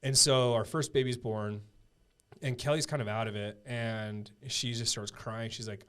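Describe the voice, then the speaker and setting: A man in his thirties, a podcast guest telling a personal story in a casual, earnest way, full of halting restarts and fillers. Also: mid-range voice, steady tone, a bit bright, smooth.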